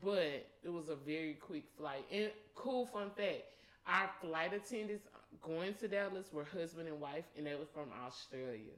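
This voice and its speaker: A young adult woman co-hosting a podcast, blunt, profane and excitable in casual chat. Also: low voice, normal speed, rough recording. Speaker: podcast co-host.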